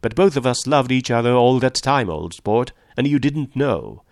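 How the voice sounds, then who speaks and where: A man voicing a polite, earnest young gentleman. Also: mid-range voice, animated, moderate pace, no echo, clean studio sound, natural voice.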